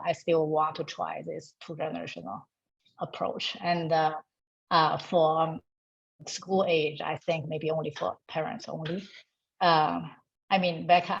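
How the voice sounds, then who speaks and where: A woman who speaks English as a talks on a video call, pausing often and filling gaps with hesitations. Her voice sits fairly low. The call audio is dull and muffled. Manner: halting, many fillers, laughs often. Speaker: parent educator at a nonprofit.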